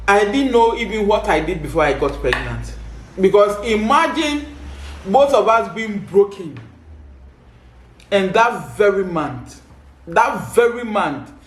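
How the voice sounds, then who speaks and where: A woman with a Ghanaian English accent gives an emotional faith testimony, speaking fervently and repeating rhetorical questions. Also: medium pitch. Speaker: vlogger sharing testimony. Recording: echoey room.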